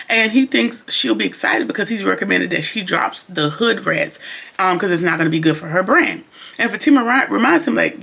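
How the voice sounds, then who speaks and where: Sassy, gravelly TV recap reviewer. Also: mid-range voice, animated, brisk, sharp tone. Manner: sassy, exasperated, slangy asides. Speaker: TV episode reviewer. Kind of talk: casual recap commentary.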